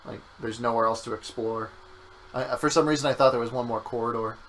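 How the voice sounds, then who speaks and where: Streaming a game alongside his partner, this man keeps the gameplay chat casual and jokey, now and then using silly voices. His mid-range voice is steady, brisk and a bit bright, though the recording is rough.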